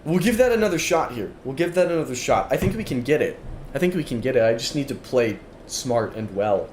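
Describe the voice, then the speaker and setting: A man's voice: medium pitch, lively intonation, brisk. A tired, yawning man streaming a game, chatting casually and self-deprecatingly, repeating his phrases as he plays at his desk. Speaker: gaming streamer. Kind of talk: casual let's-play commentary. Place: room at a gaming desk with monitors. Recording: roomy sound with background noise.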